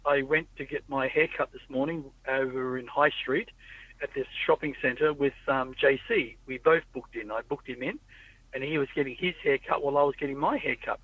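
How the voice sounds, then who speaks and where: A podcast host chats casually in a car, rambling through stories and acting out the people he quotes. His mid-range voice moves at a moderate pace, and the audio is tinny, phone-like and dry with no echo.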